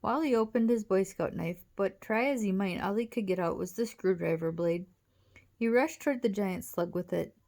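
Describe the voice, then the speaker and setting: Lady reading a kids chapter book out loud, lively storyteller. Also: medium pitch, normal speed, gravelly. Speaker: audiobook reader. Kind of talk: reading a children's book aloud.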